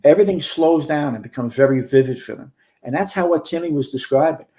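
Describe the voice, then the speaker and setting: A man's voice: on the high side, quick pace, dark tone. A man in his sixties, a retired fire chief and podcast guest, earnestly recounting a big fire in close detail. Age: 60s. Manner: earnest storyteller, relives events in detail. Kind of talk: recounting a firefight in a podcast interview.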